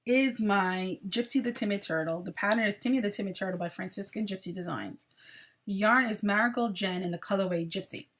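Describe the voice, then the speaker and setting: A woman hosting a crochet video podcast, chatting casually and apologetically about her projects, sounding tired. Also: medium pitch.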